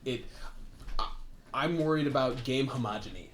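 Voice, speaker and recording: A man chatting about tabletop gaming as a co-host, his talk loose and rambling, full of fillers, restarts and quick asides. He speaks at an ordinary middle pitch, and a faint noise hums under the recording. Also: a bit bright. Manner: rambling, many fillers and asides, laughs often. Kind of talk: casual tabletop gaming chat.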